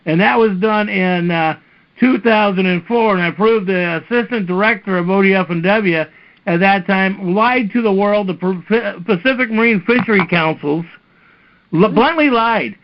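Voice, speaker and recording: A man's voice: high-pitched, normal speed. A man hosting a casual talk-radio chat, telling long rambling stories over a dull lo-fi stream. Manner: rambling storyteller. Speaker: host.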